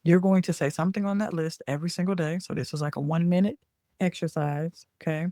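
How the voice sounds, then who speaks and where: A woman's voice: lowish voice, steady tone, quick pace, dark tone, dry recording. A chatty woman talks casually to her listeners and checks in with a frequent "okay?". She corrects herself mid-sentence and then carries on. The sound is dry and close, with no room around it. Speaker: podcast host and business coach. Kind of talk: casual talk.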